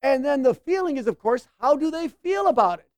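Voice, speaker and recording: A high, animated woman's voice, brisk and a little mellow, preaches a conversational sermon with no room sound. She often checks in with her listeners and acts out quoted lines with shifting voices.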